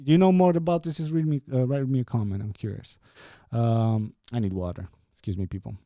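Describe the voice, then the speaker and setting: A young man talking loosely to his viewers, swearing and laughing as he rambles from one thing to the next. His voice is warm and darkish, recorded close and dry with no room sound. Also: mid-range voice, steady tone, brisk, no echo. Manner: rambling, profane, laughing often. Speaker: podcast host. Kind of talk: casual chat with live viewers.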